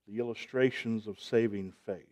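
A man preaching a sermon, emphatic, with call-and-response and loud rising peaks. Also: fairly low pitch, steady tone, moderate pace, lo-fi sound.

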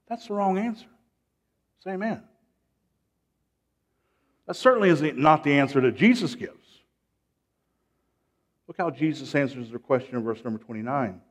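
A man preaching a sermon. He repeats his phrases, calls for amens and swings from hushed lines to loud, rising ones. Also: on the high side, expressive, normal speed, long pauses.

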